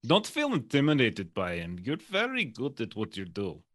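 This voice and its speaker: A man's voice: medium pitch, wildly swooping pitch, moderate pace, fairly bright tone, no echo, clean studio sound. A man voicing a serene, earnest male mystic soldier with a drifting, sing-song delivery. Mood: earnest, dreamy.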